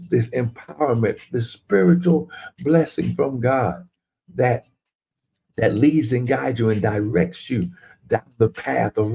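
Fervent low-voiced man preaching a livestream. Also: warm tone, slightly rough. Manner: fervent, repetitive preaching with rising exclamations. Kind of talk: livestreamed sermon.

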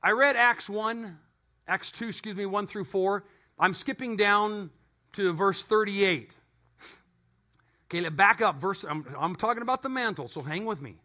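A middle-aged male pastor preaching a sermon in a church, telling stories with animated energy and joking asides. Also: high voice, unhurried.

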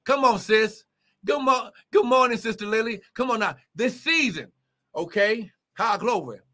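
A male preacher delivers a livestreamed sermon with a high, bright, forceful voice. He preaches fervently, breaking into exclamations and repeating key phrases. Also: animated, normal speed.

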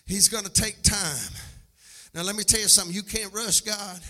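A man preaching a sermon as pastor, alternating a shouting, sing-song cadence with plain storytelling. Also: sits high, fairly even intonation, normal speed. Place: church sanctuary. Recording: long hall reverb from a live church service.

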